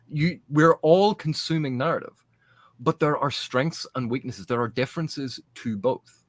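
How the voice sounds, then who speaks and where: A man's voice: mid-range voice, unhurried, dry recording. A man in a casual podcast panel discussion, making his points earnestly and emphatically, often restarting mid-phrase. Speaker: podcast guest.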